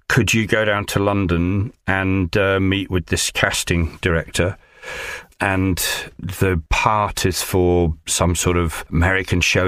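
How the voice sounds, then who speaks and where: Low-voiced guy telling a relaxed story, wry, dry close sound. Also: no echo. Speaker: actor and audiobook narrator, guest. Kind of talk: anecdotal storytelling.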